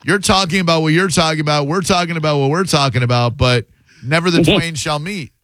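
A man's voice: fairly high pitch, fairly quick, fairly bright tone, no echo. A man hosting a sports talk radio show, chatting loosely and rambling, often restarting his words. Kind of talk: casual radio banter.

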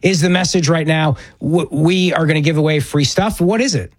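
A man's voice: a little high, moderate pace, no room sound. A man hosting a political talk radio show, delivering an opinionated monologue and repeating words for emphasis. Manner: emphatic, repeats words when pressing a point.

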